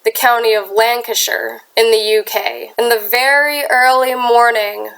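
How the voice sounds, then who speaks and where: A young woman with a Midwestern accent hosts a true crime story, her voice a touch high and thickened by a sinus infection. She talks earnestly and chattily, dropping in casual asides. The home recording sounds harsh and clips now and then. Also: fairly even intonation, measured pace, gravelly, a bit bright, clear, resonant tone, low-quality recording. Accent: American Midwestern. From United States. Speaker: true crime channel host.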